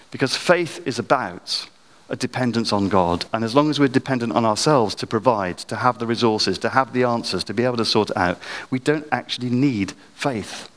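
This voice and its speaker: A man preaching a sermon, dramatic, his voice climbing high when he acts out quoted prayers. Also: fairly quick, fairly bright tone. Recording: long hall reverb.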